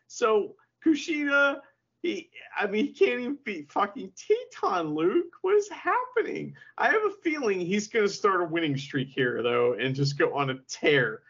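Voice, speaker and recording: A man co-hosting a podcast, chatting casually about wrestling, excitable, swearing and laughing often. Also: very high-pitched, measured pace, husky, lo-fi sound. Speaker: podcast co-host.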